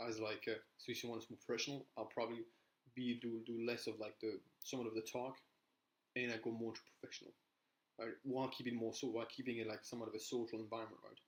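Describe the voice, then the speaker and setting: A young man gives casual sales coaching straight to camera. His pitch sits mid-range and barely rises or falls. He rambles loosely, checking in with "right?" and often starting his sentences over. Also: level tone, fast, poor audio. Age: young adult. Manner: rambling, with frequent "right?" tags and restarts. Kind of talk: casual talking-head advice.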